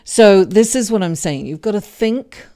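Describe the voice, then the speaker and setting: A middle-aged woman giving a casual tarot reading, chatty and animated, laughing often and calling the listener darling. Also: mid-range voice, measured pace.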